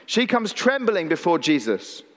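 A man's voice: high-pitched, big pitch swings, a little slow, fairly bright tone. A man preaching a sermon in a conversational way, with playful asides and calls to the congregation. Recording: long reverb in a large hall.

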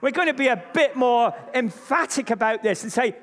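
A male pastor with a very high, slightly bright voice preaches an emphatic, animated sermon at normal speed, leading his congregation in call-and-response. The church service echoes with the long reverb of a large hall.

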